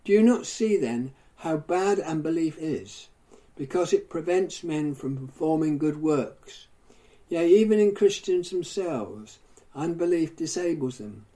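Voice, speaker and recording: A man preaching a sermon in a declamatory way, building phrases to loud emphasis and dropping to hushed endings. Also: fairly high pitch, expressive, unhurried, rough recording.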